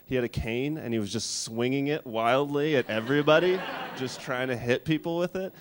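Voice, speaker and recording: A man in his thirties doing a stand-up set in a studio, with dry, deadpan delivery and frequent restarts. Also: mid-range voice, moderate pace, background noise. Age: 30s. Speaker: stand-up comedian. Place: music studio.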